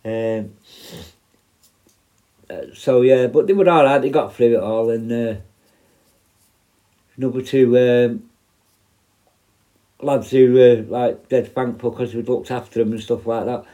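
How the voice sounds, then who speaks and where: A man's voice: mid-range voice, fairly even intonation, a little slow, pauses often, warm tone. Sweary man telling stories. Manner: rambling and heavily sweary. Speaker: former prison officer. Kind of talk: casual spoken storytelling.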